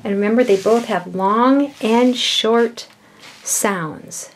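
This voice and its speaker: Mom-type woman teaching little kids vowels and punctuation, slow and patient, voice on the higher side. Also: a little hiss or hum. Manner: slow, patient explaining with stretched words. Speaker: children's educational video host. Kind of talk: teaching young children.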